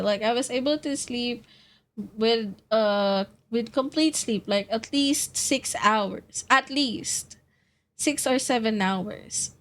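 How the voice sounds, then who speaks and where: A young woman from the Philippines chats on a stream, sleepy and yawning as she rambles. She talks slowly in a fairly high voice, laughs often and swears freely. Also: a bit bright. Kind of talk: casual chat.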